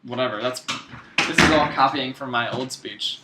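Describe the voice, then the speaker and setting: A man's voice: medium pitch, normal speed, very noisy. A young American man in casual chat about studying abroad, laid-back and laughing as he jokes. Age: young adult.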